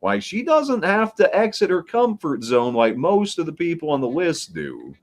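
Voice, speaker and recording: A man guest on a live horror chat, making measured arguments with hesitant restarts. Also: a little high, wildly swooping pitch.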